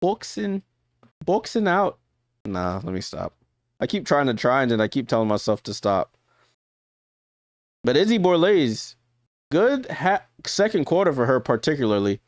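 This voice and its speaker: A man's voice: medium pitch, sing-song, normal speed, dry recording, clean studio sound. A man streaming live basketball commentary in a casual play-by-play manner, chatty and often correcting himself mid-sentence. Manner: chatty, corrects himself often and laughs at his own slips.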